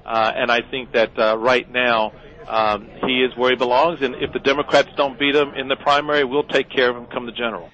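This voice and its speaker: A man's voice: mid-range voice, little pitch movement, sharp tone. Indignant man on a dull broadcast clip. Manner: indignant, measured, with fillers. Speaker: party chairman. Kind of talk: TV news interview.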